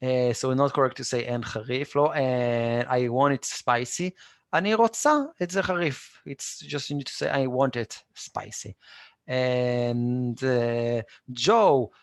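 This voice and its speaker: An Israeli man leads a live online language lesson, speaking slowly and repeating each word with patience. His voice has a gravelly edge at a middle pitch, and the sound is dry and close to the mic. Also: steady tone, no echo. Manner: patient, repeats words slowly, answers students by name. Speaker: Hebrew teacher.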